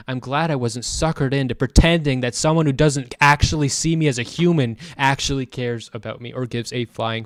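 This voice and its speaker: A man's voice: medium pitch, no echo, clean studio sound. Profane ranting man. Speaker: streamer. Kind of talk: casual chat.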